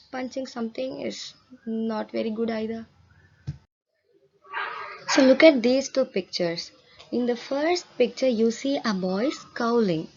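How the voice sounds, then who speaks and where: A woman's voice: on the high side, a little mellow, dull audio. A woman teaching an English lesson to children, explaining words patiently and asking her pupils questions. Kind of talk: explaining a textbook story to children.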